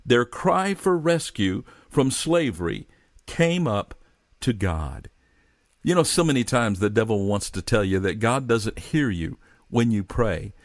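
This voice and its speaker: A male pastor delivers a sermon in a mid-pitched, earnest voice. He stretches out scripture readings and lets his phrases sink low and quiet as he speaks directly to the listener. The sound is close and dry, with no room echo. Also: big pitch swings, measured pace. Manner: addresses listener as friend, drops softly at phrase ends.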